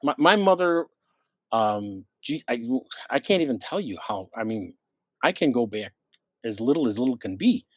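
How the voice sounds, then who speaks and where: A man's voice: medium pitch, moderate pace, dry recording. A middle-aged man from the Midwest, a longtime radio host, telling stories in casual chat and acting out the quotes. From American Midwest. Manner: animated storyteller acting out quotes. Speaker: radio show host, guest.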